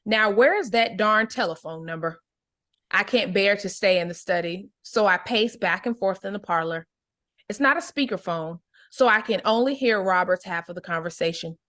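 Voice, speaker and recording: A woman teaching an adult English book club, reading a novel aloud and then explaining it slowly and clearly. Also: fairly low pitch, a bit bright. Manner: slow, clear teacher explanations with check-ins.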